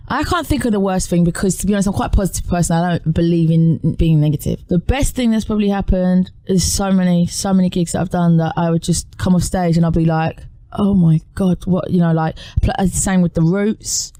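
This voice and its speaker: Animated woman, dry studio sound. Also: brisk, dry recording. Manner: animated, rambling storytelling with lively pitch jumps. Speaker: singer, interview guest. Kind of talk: casual interview chat. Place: radio studio.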